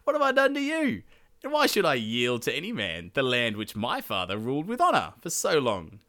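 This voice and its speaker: A man's voice: medium pitch, wildly swooping pitch, brisk, a bit bright. A man voicing a proud, indignant king who blusters as he defends his land, in a comedic podcast retelling.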